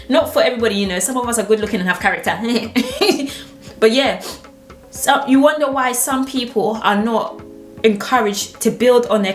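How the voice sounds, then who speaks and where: A young adult woman hosting her own channel, chatting casually to camera and telling stories expressively, laughing easily. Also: on the high side. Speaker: channel host. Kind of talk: casual vlog chat to camera. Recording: roomy echo with faint background music.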